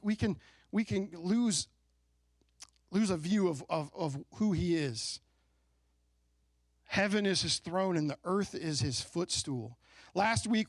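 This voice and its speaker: A pastor in his thirties delivers a sermon in an easy, chatty storytelling manner, often checking in with the congregation. His voice sits a little high for a man, and the sound is close and dry with almost no room echo. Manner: conversational storytelling preacher, asks the congregation questions. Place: church sanctuary.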